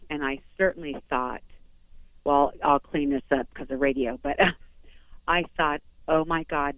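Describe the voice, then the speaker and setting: A woman's voice: low-pitched, no echo. A woman from Southern California, a phone-in guest, giving an emotional first-person account in a rambling, breathless way with many restarts. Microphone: telephone. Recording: tinny phone line.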